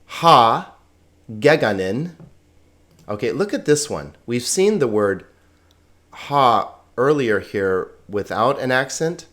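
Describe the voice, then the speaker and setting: A man teaching a recorded Greek lesson, sounding words out slowly syllable by syllable. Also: medium pitch, sing-song.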